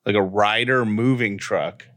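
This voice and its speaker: A man's voice: on the low side, fairly even intonation, measured pace, fairly bright tone, dry recording. A young adult man co-hosting a casual podcast from home, playful and jokey as he chats. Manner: joking, playful bits. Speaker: podcast co-host. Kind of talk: casual chat.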